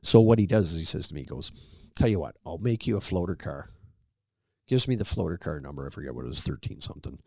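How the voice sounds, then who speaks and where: Very deep, gravelly-voiced man telling stories. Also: fast talker, no echo, clean studio sound. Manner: relaxed anecdotal storyteller, acts out quoted dialogue. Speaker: podcast guest. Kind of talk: casual storytelling interview.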